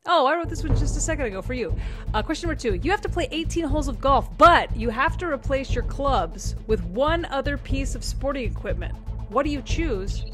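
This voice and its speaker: Woman, fairly high voice, podcast host, joking, swears freely, quick talker, faint music behind. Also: expressive. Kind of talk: casual interview with quiz questions.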